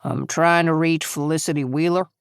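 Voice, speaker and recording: A woman voicing a steady, plain-spoken small-town male police officer, terse and earnest, with a put-on Southern accent. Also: sits low, moderate pace, vocal fry, clean tone, no echo, clean studio sound.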